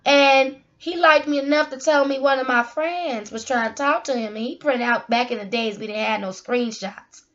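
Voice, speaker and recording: High-pitched woman telling her own story with fervor, dull lo-fi audio. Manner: animated, acts out quoted people in raised voice. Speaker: motivational speaker. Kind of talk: personal testimony monologue. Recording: dull lo-fi sound.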